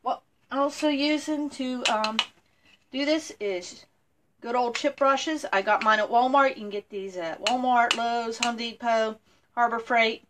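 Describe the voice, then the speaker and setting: A woman's voice: fairly high pitch, fairly even intonation, a little slow, noisy background. A woman chatting casually through a furniture painting how-to, with lots of ums. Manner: chatty, lots of ums, talks to her dog. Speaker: furniture makeover vlogger.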